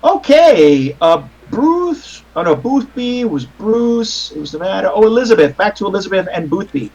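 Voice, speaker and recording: Masa oyunu yöneten, tiz sesli, dolambaçlı ve küfürlü konuşan bir adam. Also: male voice, sits high, big pitch swings, moderate pace, a little mellow, lo-fi sound. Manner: rambling, many fillers and restarts, swears casually. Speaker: game master. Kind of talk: narrating a tabletop horror game.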